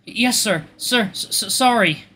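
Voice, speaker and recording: A man voicing a drunk male hyena who sobs and apologizes, his voice high and breaking between giggles. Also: unhurried, bright, forceful tone, slight background noise. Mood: shaky.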